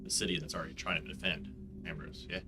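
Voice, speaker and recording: A man playing in a tabletop game, playful and quick to laugh, with faint music behind. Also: sits low, little pitch movement. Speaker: player.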